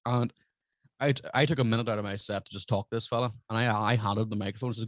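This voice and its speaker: Brash fast-talking man. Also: lowish voice, dry recording. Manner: swears constantly, brash and animated. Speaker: stand-up comedian guest. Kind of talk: casual podcast chat, storytelling.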